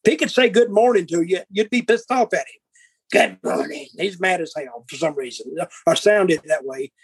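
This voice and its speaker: A man's voice: sits high, a little fast, husky, dry recording, poor audio. An older man telling blunt, profane stories and acting out old arguments. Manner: profane, blunt, acts out quarrels in dialogue. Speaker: guest. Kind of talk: casual storytelling.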